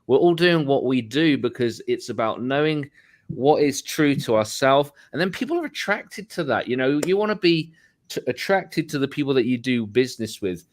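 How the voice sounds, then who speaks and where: A man with a middle-pitched voice speaks earnestly about purpose and self-knowledge. His delivery is reflective and motivational, like a coach sharing wisdom with peers. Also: big pitch swings, moderate pace. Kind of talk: reflective casual talk.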